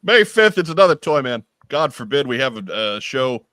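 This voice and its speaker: A man hosting a podcast in casual chat, reading event details with wry, deadpan asides. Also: medium pitch, normal speed, dry recording. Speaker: podcast host.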